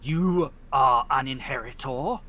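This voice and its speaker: A man voicing a solemn spirit of fire and glass that questions intruders slowly and insistently. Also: medium pitch, bright, forceful tone.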